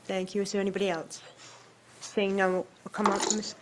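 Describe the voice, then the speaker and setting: A woman mayor chairing a city meeting, making brisk procedural calls for public comment. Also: mid-range voice, completely flat delivery, a little hiss or hum.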